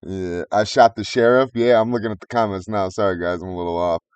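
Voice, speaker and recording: A man's voice: fairly low pitch, fairly even intonation, fast talker, clear, resonant tone, no room sound, lo-fi sound. A man co-hosting a podcast, talking in crude, joking casual banter and now and then putting on silly voices. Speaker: podcast co-host.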